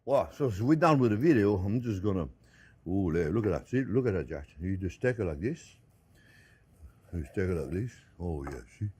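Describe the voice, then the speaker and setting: A man's voice: fairly low pitch, normal speed, husky. Chatty man hosting a cooking video. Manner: chatty, animated storytelling, exclamations. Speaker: cooking show host. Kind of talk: casual cooking demonstration.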